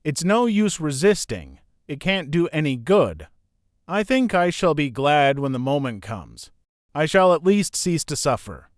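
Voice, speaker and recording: A man's voice: a little high, sing-song, measured pace, dry recording, studio quality. A male audiobook narrator voicing a terrified young woman who pleads in fear. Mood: hopeless. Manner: pleading, fearful. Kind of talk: audiobook character reading.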